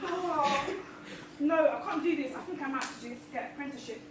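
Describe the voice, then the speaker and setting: A woman's voice: sits high, brisk, natural voice. A young woman playing a stressed university student, frantic and rambling, on a live stage before an audience. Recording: echoey hall, far mic, crowd noise.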